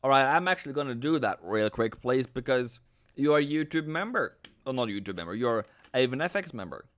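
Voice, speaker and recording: Hosting a laid-back trading livestream, this man from Norway keeps things playful, talks freely with viewers, and drops in silly sound effects. He has a mid-range, expressive voice, a brisk delivery, and a fairly bright tone.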